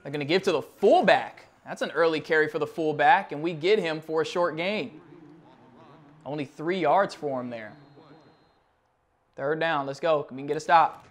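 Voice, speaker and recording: A young man hosting a gaming channel, commenting on his football video game match as he plays, muttering through menus and shouting at big plays. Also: fairly high pitch, animated, normal speed, pauses often.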